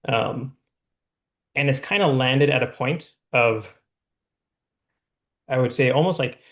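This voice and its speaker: A man's voice: medium pitch, takes it slowly. A man giving a hesitant personal check-in on a video call, with many fillers as he searches for words. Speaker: participant.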